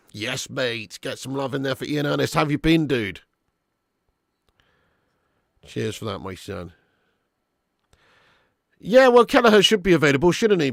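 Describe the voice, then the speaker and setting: A young man hosting a live football watch-along, chatting and thanking viewers by name, with sudden bursts of excitement when chances come. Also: medium pitch, vocal fry, no room sound, clean studio sound.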